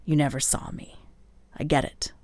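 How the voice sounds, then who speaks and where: A woman voicing a brooding young male werewolf who speaks low and tensely, often near a whisper, in a storybook reading. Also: normal speed, darkish tone, dry recording, natural voice.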